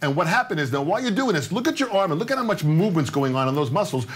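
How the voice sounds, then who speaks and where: A man's voice: a little high, sing-song, very fast. A man in his sixties teaching a live-streamed drum lesson, coaxing and joking as he repeats his instructions. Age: 60s.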